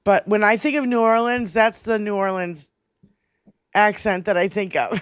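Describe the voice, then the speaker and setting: A woman's voice: medium pitch, moderate pace, clean tone, no echo, clean studio sound. A woman co-hosting a political livestream in casual chat, swearing freely, laughing often and reading out viewer comments. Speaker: livestream co-host.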